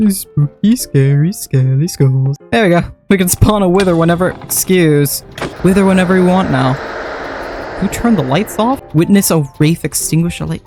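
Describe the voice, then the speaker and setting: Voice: mid-range voice, darkish tone. A gameplay commentator talking casually while playing, rambling and correcting themself with playful asides.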